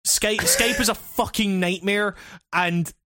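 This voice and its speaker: A man's voice: high voice, steady tone, takes it slowly, sharp tone, no room sound, clean studio sound. A man co-hosting and editing a podcast over a call, talking in a rambling, swear-filled, laughing way. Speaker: podcast co-host and editor. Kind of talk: casual podcast chat. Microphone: remote call.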